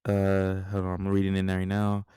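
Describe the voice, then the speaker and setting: A young man hosting a podcast, telling a story in a casual, slangy, animated way with lots of asides. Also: deep voice, normal speed, clear, resonant tone, dry recording, studio quality. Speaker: podcast host.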